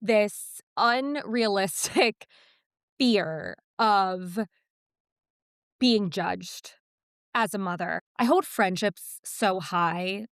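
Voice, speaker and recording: A woman in her thirties co-hosting a podcast, talking candidly and self-deprecatingly about her fears, lively when she quotes herself. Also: mid-range voice, drawn-out words, smooth, no room sound, studio quality. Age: 30s. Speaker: podcast co-host. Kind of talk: casual chat.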